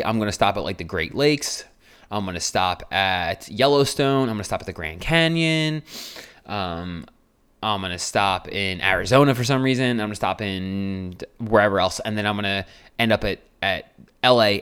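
Low-voiced emphatic man. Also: a bit bright, clear, resonant tone. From New Jersey, USA. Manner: emphatic and repetitive, often swears, asks rhetorical questions. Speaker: podcast host and coach. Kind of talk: casual monologue.

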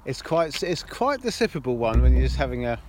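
A man's voice: mid-range voice, big pitch swings, a little fast, a little mellow, slight background noise. A man co-hosting a podcast in casual banter, rambling and repeating himself, often laughing. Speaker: podcast co-host.

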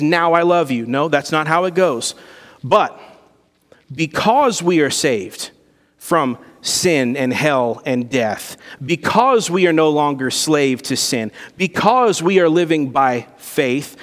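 A man's voice: fairly high pitch, big-room sound. A man preaching a sermon to his church, earnest and conversational, with rising emphasis. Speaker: pastor. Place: church sanctuary.

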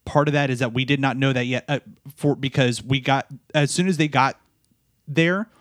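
A man of middling pitch tells a personal story, sounding tired. He halts, repeats himself and restarts his sentences. The sound is dry and close. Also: fairly even intonation, a bit bright, no room sound. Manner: halting, repeats words and restarts often. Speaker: podcast co-host, new father.

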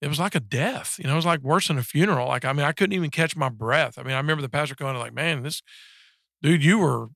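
A man in his forties giving a personal faith testimony in casual conversation, halting and earnest, with many restarts and fillers. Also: on the high side, gravelly, fairly bright tone, no room sound, studio quality. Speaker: guest sharing a faith story.

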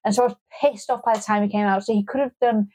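A woman's voice: mid-range voice, steady tone, very fast, warm tone. A woman co-hosting a podcast in casual chat, wry and grumbling, with lots of restarts and swearing. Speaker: podcast co-host.

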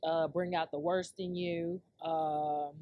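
A woman's voice: deep voice, flat delivery, takes it slowly, lo-fi sound. A woman hosting her own podcast, telling a blunt, profane story and laughing often. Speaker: podcast host. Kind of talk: casual storytelling rant.

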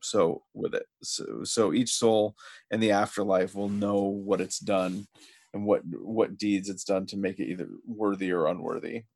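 A man hosting a casual podcast, retelling a show's plot step by step with halting restarts. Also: on the low side, steady tone, vocal fry, darkish tone. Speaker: podcast host. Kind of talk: casual episode recap chat.

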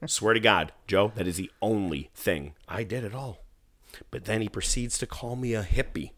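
A man telling a story in casual chat, animated and profane, acting out what people said. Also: fairly low pitch, normal speed. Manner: animated, profane, acts out quotes. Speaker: guest musician telling a story.

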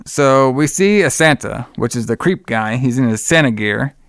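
A man in a loose, rambling podcast chat, swearing freely and laughing as he goes. His voice is smooth and resonant at a middling pitch. The sound is dry, with little room to it. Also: lively intonation, moderate pace, fairly bright tone, no room sound. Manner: profane, laughs often, rambling storyteller. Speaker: podcast co-host recapping a movie. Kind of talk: casual chat.

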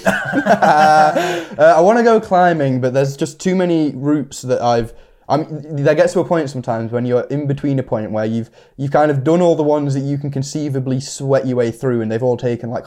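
A man's voice: mid-range voice, darkish tone. A man co-hosting a comedy podcast, chatting casually in a playful, jokey way. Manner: playful, jokey, quick to laugh. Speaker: podcast co-host.

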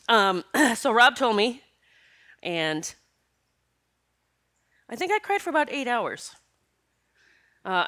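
A woman's voice: mid-range voice, pushed and bright. Tearful, sniffling woman podcaster. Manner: emotional, rambling, breaks into laughter between tears. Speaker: podcast host. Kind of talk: casual spiritual podcast monologue.

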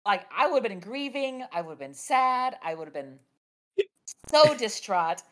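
A woman's voice: fairly high pitch, measured pace. A woman co-hosting a casual anime podcast, recapping plot scenes in an exasperated, joking way with lots of laughter and fillers. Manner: animated, laughs often, uses many fillers like "like". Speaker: podcast co-host.

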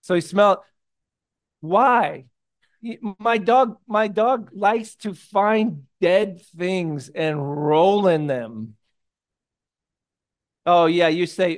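A male pastor preaches a sermon in a loose, conversational style. His voice sits a little high. He drops to hushed asides, then rises into loud, animated bursts, and he mixes in jokey personal stories. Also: very slow, long pauses.

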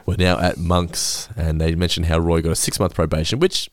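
A man's voice: low voice, flat delivery, normal speed, no room sound, studio quality. A man with an Australian accent co-hosting a podcast, chatting casually about a TV episode, often restarting his sentences. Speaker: podcast co-host. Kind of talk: casual chat recapping episodes.

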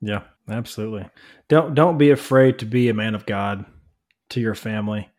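A man's voice: on the low side, normal speed, a little mellow. A man co-hosting a faith-based podcast, plain-spoken and encouraging, repeating points for emphasis. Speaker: podcast co-host.

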